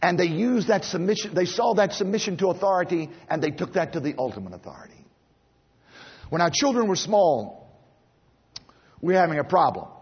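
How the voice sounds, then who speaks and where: Middle-aged male preacher, very husky raised voice, emphatic sermon delivery, long church reverb, dull lo-fi recording. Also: sits high, expressive, brisk, long pauses. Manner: emphatic, repeats phrases, swings between loud and hushed.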